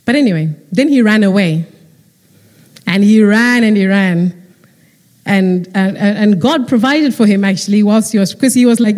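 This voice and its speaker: Woman preacher, lively storytelling sermon. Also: mid-range voice, moderate pace. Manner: lively storytelling, acting out characters. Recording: long hall reverb.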